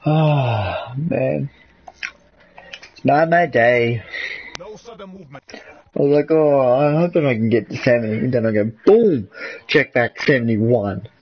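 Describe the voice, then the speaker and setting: A young man, commentating his gameplay and swearing, excitable and repeating himself. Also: medium pitch, slow pace, long pauses, lo-fi sound. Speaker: gamer.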